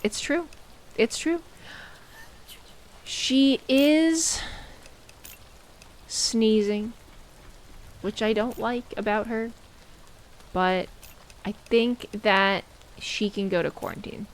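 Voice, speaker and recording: A woman streaming a game, chatting casually and playfully, mocking herself and exclaiming loudly when startled. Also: mid-range voice, drawn-out words, pauses often, slight background noise. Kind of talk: casual gameplay commentary.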